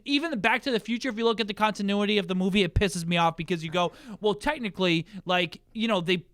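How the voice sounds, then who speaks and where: Young guy co-hosting a podcast, kinda high voice, rambles and cusses, acts out scenes, dry mic. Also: fast talker, a bit bright, no room sound. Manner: rambling, swears a lot, acts out movie scenes. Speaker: podcast co-host. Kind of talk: casual chat.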